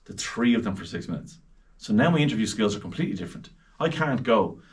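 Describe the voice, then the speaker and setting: A man's voice: fairly low pitch, fast, far from the mic. An Irish man, a radio presenter, chatting animatedly as a podcast guest about interviewing celebrities. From Ireland. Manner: chatty, animated, acts out quoted voices.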